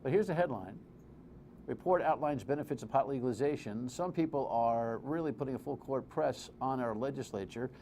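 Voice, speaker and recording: A man's voice: medium pitch, brisk, darkish tone. Man, TV studio host, sarcastic opinion segment, conversational, light background noise. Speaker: TV host and commentator. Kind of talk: opinionated TV commentary.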